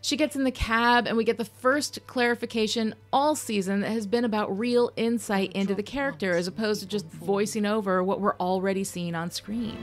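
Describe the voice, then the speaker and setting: A woman's voice: medium pitch, moderate pace, few pauses. A woman hosting a podcast, giving candid, sarcastic commentary on a TV episode, swearing casually. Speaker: podcast host.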